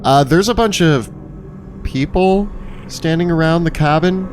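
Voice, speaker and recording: Brief: male game master as an uneasy, halting cabin local. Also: on the high side, a little mellow, a little hiss or hum, voice pushed up, close to an everyday voice. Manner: hesitant, halting speech.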